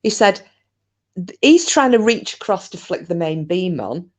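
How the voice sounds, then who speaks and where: A woman's voice: lowish voice, lively intonation, a little slow. A woman, casually telling a ghost story in a chatty, rambling way, with swearing and restarts. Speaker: channel host.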